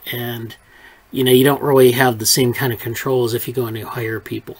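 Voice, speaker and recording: A man's voice: medium pitch, level tone, a little fast, a little mellow, husky, poor audio. A man leading a research group, talking in a loose, rambling way with many fillers and restarts over a video call. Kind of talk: casual meeting chat. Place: online video meeting.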